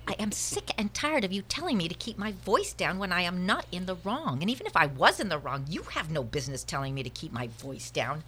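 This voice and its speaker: An actress playing a blunt, outspoken middle-aged woman traveler in a stage scene, with a sharp, combative delivery. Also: deep voice, big pitch swings, a little fast, exaggerated voice. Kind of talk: stage scene performed in a studio. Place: studio.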